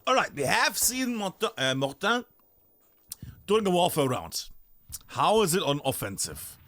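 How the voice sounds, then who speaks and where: A man's voice: high voice, big pitch swings, moderate pace, fairly bright tone, no room sound. A man streaming a game live, chatting and thinking aloud as he looks around a map, often breaking off mid-sentence.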